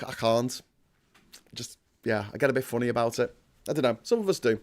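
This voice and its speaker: A man's voice: medium pitch, animated, a little fast, a little mellow. A man hosting a casual livestream, rambling and self-deprecating, full of fillers and restarts. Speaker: host.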